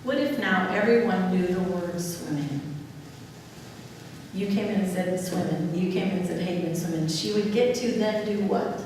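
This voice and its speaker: A woman's voice: medium pitch, normal speed, a little mellow, slight background noise. Woman giving a talk in an echoey hall. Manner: asks the audience questions and answers them herself. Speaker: speaker on dementia care. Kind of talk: lively public talk to a live audience. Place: large hall. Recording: echoey hall from far off with faint ambience.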